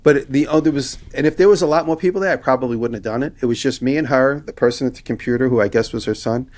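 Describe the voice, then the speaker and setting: A man on a podcast telling a story in casual chat, animated and acting out the people in it. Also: mid-range voice, rapid-fire. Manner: animated anecdote telling, acting out both sides of quoted exchanges. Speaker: podcast co-host.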